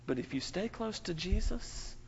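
High-voiced pastor on a dull recording. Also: male voice, lively intonation, normal speed, gravelly, breathy edge. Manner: talks to children with playful questions. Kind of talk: church prayer and children's story. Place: church sanctuary.

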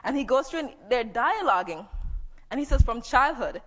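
A woman's voice: fairly high pitch, animated, moderate pace. A woman preaching a sermon, teaching conversationally and reading scripture aloud. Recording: dull echoey hall.

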